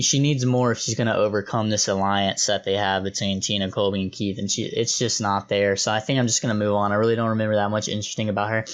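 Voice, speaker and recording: A young man casually reviewing players, talking in a chatty, opinionated way with loose slangy asides. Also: lowish voice. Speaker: host reviewing reality show contestants. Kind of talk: casual commentary.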